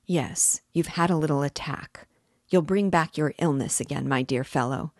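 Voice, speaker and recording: A woman's voice: deep voice, normal speed, no room sound, studio quality. A woman doing a fussy, needling magistrate. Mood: fussing. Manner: chatty, mock-solicitous, needling. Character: fussy ironical middle-aged male magistrate.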